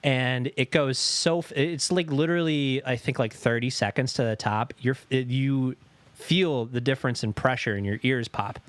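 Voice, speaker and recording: A slight hiss or hum sits under the mid-range voice of a man co-hosting a podcast at normal speed. He tells stories casually, swears frequently, and animatedly acts out the voices of the people he quotes.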